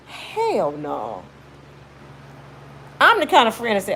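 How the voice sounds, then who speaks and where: A woman's voice: medium pitch, sing-song, moderate pace, slight background noise. A woman in her fifties giving blunt, emphatic, sermon-like motivational commentary on her YouTube channel.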